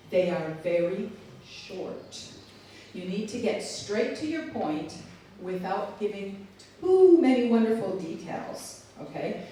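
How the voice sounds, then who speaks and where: A woman with a medium-pitched voice delivers a live keynote to an audience in a large hall, animated, playful and chatty, often tossing questions to the room. The recording carries a faint hiss or hum, with a distant mic and an echoey hall.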